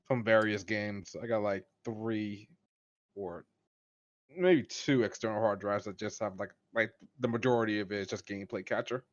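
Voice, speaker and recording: A man's voice: lowish voice, moderate pace. Easygoing man on dull-sounding audio. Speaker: game video creator. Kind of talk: casual podcast chat.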